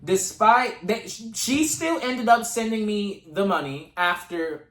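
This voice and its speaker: A man's voice: sits high, lively intonation, measured pace, a bit bright. A young man vlogging a casual storytime to camera, retelling events dramatically with slang and asides to his viewers. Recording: echoey room.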